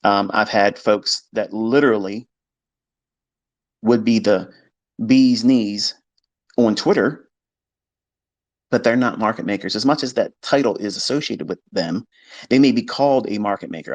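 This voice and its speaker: A man's voice: on the low side, measured pace, pauses often, muffled recording. Man, blunt, emphatic, profane, casual monologue, live audio stream. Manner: blunt, emphatic, swears, mimics skeptics in quoted asides. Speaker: trading educator hosting a live audio space.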